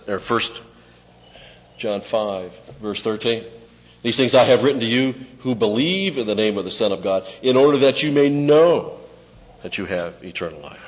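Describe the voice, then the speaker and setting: A man preaching an expository sermon, teaching conversationally and dropping to quiet asides between points. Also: on the low side. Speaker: pastor. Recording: lo-fi with long hall reverb.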